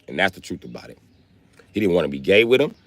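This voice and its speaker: A man on a livestream rants in a rambling, profane comic monologue. His voice swings widely up and down in pitch as he tells the story. The sound is dry and close. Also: big pitch swings, fast, a bit bright, dry recording. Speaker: livestream host. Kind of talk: comedic livestream rant.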